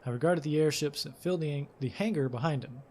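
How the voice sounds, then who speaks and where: A man's voice: on the high side, quick pace, a little mellow, a little hiss or hum. Man, let's play host; casual read-aloud of game text with commentary, some fillers. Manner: casual, with fillers and self-corrections.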